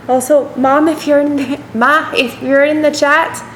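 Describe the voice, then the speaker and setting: A woman's voice: high-pitched, slight background noise. A woman streamer chatting casually while painting miniatures, rambling and slipping into playful accents.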